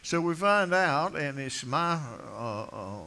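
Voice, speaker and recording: A man's voice: on the high side, sing-song, slow pace, sharp tone. An older man preaching a folksy, rambling sermon, joking with his congregation between many fillers and restarts.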